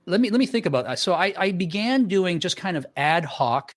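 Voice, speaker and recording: A man's voice: sits high, sing-song, brisk. A middle-aged man with a South Florida accent, a podcast guest telling stories animatedly and acting out dialogue with many restarts. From Canada, raised in Florida. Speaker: podcast guest, sales trainer. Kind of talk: casual interview storytelling.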